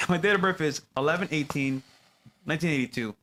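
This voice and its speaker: A man's voice: on the high side, a little fast, a bit bright, slight background noise. A man co-hosting a casual chat, easygoing and agreeable as he reads viewer questions. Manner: easygoing, agreeable, laughs along. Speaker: co-host reading chat questions.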